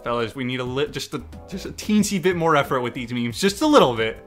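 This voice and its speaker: Excitable young man reacting to memes. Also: mid-range voice, fast talker. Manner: excitable, swears, laughs, mock-exasperated. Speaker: YouTube meme reactor. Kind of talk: casual reaction commentary. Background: faint background music.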